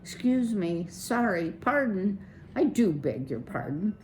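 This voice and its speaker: A woman's voice: medium pitch, sing-song, takes it slowly, darkish tone, a little hiss or hum. A woman reading aloud, voicing a shy young male country mouse who speaks formally and politely.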